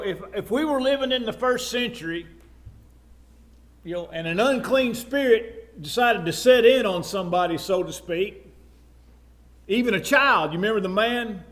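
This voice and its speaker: A man's voice: high voice, animated, normal speed, a bit bright. A man with a Texan accent preaching in a conversational Bible class style, with frequent fillers and asides. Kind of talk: sermon, Bible class teaching.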